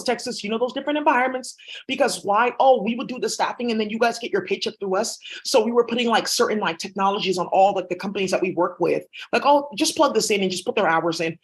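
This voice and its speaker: A woman's voice: mid-range voice, fast. A woman vlogger talking in a rambling, blunt, profane monologue. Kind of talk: casual monologue.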